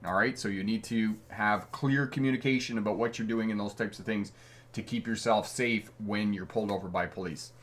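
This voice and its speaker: A man's voice: on the low side, steady tone, fairly quick, a bit bright. A middle-aged man from Canada hosting a live stream as a driving instructor, reading out viewer comments in a friendly, chatty way and chuckling often. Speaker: driving instructor and livestream host.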